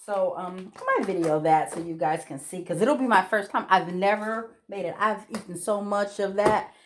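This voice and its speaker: A woman's voice: medium pitch, moderate pace, slight background noise. Chatty middle-aged woman vlogging. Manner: chatty, rambling, many ums and restarts. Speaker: cooking vlogger. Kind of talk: casual kitchen vlog chat. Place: home kitchen.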